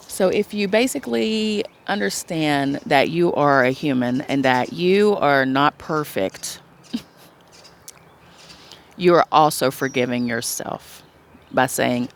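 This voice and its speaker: A woman's voice: a bass voice, gravelly, a little hiss or hum. Blunt, swearing spiritual woman vlogger. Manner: blunt and emphatic, swears freely, acts out quoted voices; slows into soft drawn-out blessings. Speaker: spiritual self-love vlogger. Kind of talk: casual spiritual pep talk.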